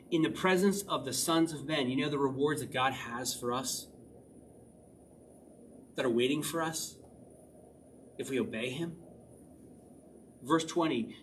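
Casual male pastor, chatty sermon with questions and chuckles, a bit high, recorded slightly off-mic. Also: fairly bright tone, far from the mic, a little hiss or hum, low-quality recording. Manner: conversational, asks the listeners questions, chuckles often. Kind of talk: casual sermon, reading and explaining a psalm.

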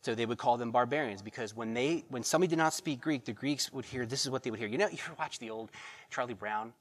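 A pastor preaching a sermon, reading verses and pressing the congregation with rhetorical questions and repeated phrases. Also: male voice, medium pitch, fast.

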